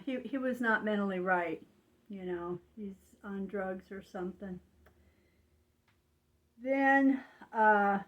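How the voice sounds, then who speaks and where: An older woman talking slowly and rambling in a confiding way, with frequent fillers. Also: medium pitch, rough recording. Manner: slow, rambling, confiding, with frequent "you know". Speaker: vlogger. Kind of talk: casual monologue.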